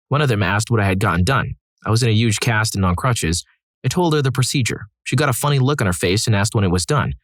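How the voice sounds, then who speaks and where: A man's voice: lowish voice, dry recording. A man narrating read-aloud stories in a scripted style, adding wry, dry asides between them. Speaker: story narrator.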